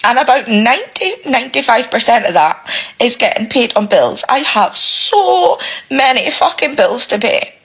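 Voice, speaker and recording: Her voice is a little high and husky, fairly bright, with a sing-song lilt at normal speed, heard through a rough recording. She is a single mother ranting to the camera about what she's going through, nearly crying, cursing heavily, repeating herself and clearly exasperated.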